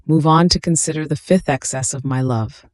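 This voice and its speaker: Tender pleading infant christ read by a narrator, slow and solemn, dry close sound. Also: medium pitch, dry recording, natural voice. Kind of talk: devotional reading.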